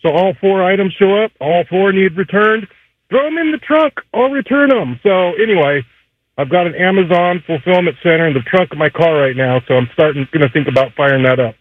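Male caller joking wryly, a bit high, tinny phone line. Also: fairly even intonation, brisk, slight background noise. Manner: wry, joking. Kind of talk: storytelling radio call.

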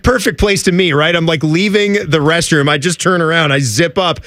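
A man's voice: moderate pace, dry recording, studio quality. A middle-aged man co-hosting a sports radio show, telling stories in casual banter with big swings in his voice. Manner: animated storyteller, high jumps when telling a story. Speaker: radio co-host.

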